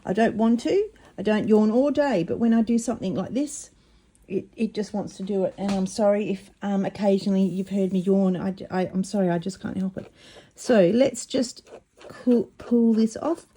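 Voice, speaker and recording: A mellow-voiced woman talks through a craft project at her table. She is chatty and excitable, often tripping over her words. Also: medium pitch, normal speed. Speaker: craft vlogger. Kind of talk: casual craft demonstration.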